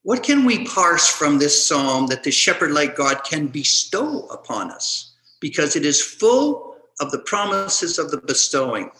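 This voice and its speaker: A male preacher delivers a sermon at a very slow, deliberate pace. His voice is bright and sits a little high, and it swells and drops in loudness as he reads scripture. The sound rings in a roomy, echoey space. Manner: slow, measured delivery with dramatic shifts in loudness. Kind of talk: sermon reading scripture aloud.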